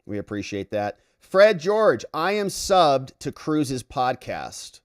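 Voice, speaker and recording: Animated man reading viewer chat. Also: medium pitch, slow pace. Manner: reads viewer comments aloud and reacts. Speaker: livestream host. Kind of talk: casual livestream chat.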